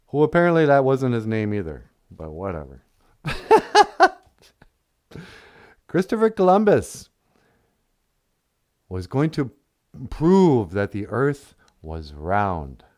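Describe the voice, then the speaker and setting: Unhurried, lively man spinning a jokey tale. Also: mid-range voice. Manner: rambling, jokey asides. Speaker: storyteller on a puppet podcast. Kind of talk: comedic storytelling.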